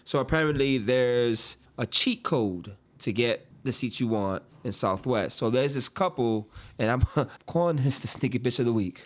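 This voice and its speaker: A man with a New York accent tells stories on a podcast and often trips over and repeats his words. He laughs a lot in easy, loose chat. His voice is middling in pitch. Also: animated, normal speed, few pauses. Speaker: podcast co-host. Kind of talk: casual storytelling chat.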